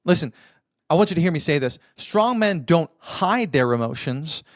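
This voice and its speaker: A man with a fairly high voice gives motivational marriage advice as a podcast host. He talks like a coach, earnest and direct, checking in with the listener often and calling him brother. The recording is dry, with no room sound. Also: lively intonation, normal speed, no room sound.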